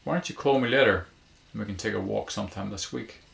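A man reading a short story aloud voices a cheeky, flirtatious adult woman who talks in a teasing, brisk way. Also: fairly low pitch, vocal fry, fairly bright tone, reverberant.

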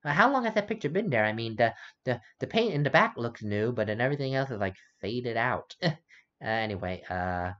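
Brief: a casual let's-play host, wry asides, lively swings in pitch, soft game music behind. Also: male voice, brisk. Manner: casual, wry, self-mocking. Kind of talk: game playthrough commentary and reading.

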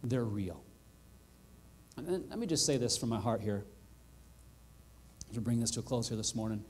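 A male pastor preaching a sermon in a church, earnest and heartfelt, building to excited emphasis. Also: mid-range voice, normal speed, slightly rough. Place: church sanctuary.

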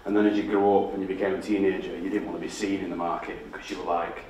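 A man's voice: sits low, flat delivery, very fast, darkish tone, recorded from a distance, slight background noise. A man with a Yorkshire accent giving a candid, sweary storytelling talk to an audience. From Barnsley, England. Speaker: guest speaker. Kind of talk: public talk. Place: large indoor lecture hall. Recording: echoey hall from afar.

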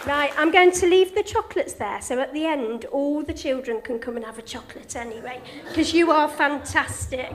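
A woman's voice: sits high, normal speed, few pauses, slight background noise. Cheery woman leading church talk. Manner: cheery, encouraging, chatty with children. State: a bit out of breath. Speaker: church speaker leading a children's quiz and talk.

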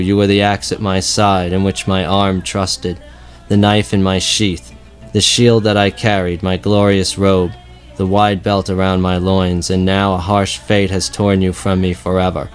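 A warrior king mourns his dead friend in a long chanted lament, read by a man with a very deep voice. The lines roll on in a steady, mournful rhythm with little change in tone. Faint music plays underneath.

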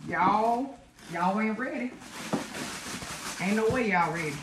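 A woman, chatting excitedly and dramatically to viewers while unboxing gifts at home. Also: medium pitch, slow. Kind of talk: casual chat to viewers. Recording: roomy echo, faint noise.

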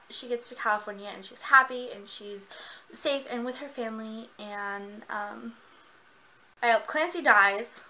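A young woman reviewing a book in a casual vlog. She talks in a gushing, excitable way and laughs often. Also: mid-range voice, a little hiss or hum, poor audio.

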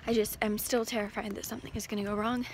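A woman's voice: mid-range voice, quick pace. Anxious rambling teen woman outdoors. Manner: anxious, rambling, talking while walking. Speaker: vlogger. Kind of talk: casual vlog while walking a dog. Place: outdoors on a walk. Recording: outdoor camera audio with steady background noise.

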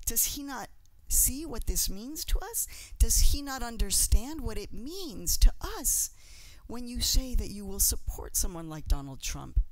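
A woman's voice: on the low side, darkish tone, no room sound, poor audio. A middle-aged woman from Mexico, giving a passionate, emphatic speech with repeated phrases. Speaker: journalist and speaker. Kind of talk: emotional symposium speech.

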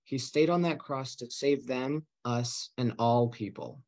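A man reads aloud for a church pageant, explaining the story earnestly in a plain, mid-pitched voice. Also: a little slow, darkish tone. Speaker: narrator.

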